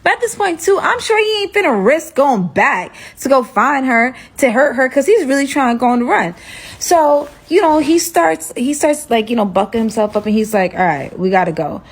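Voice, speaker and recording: A woman's voice: sits high, moderate pace, husky, low-quality recording. A young woman casually telling a dramatic personal story, acting out the dialogue as she goes. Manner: animated, dramatic retelling with acted-out dialogue.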